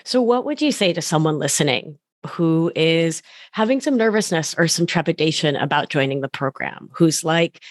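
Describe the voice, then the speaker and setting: A woman hosting a podcast interview, affirming her guest with soft murmurs and heartfelt thanks. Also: sits low, lively intonation, normal speed, hardly any pauses, dry recording, studio quality. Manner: affirming, many soft hums. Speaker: podcast host and life coach. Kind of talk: warm interview conversation.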